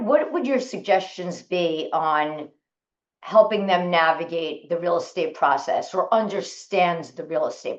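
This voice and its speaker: A woman hosting an interview, asking questions in a halting, casual way. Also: on the low side. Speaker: podcast host. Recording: dull lo-fi audio.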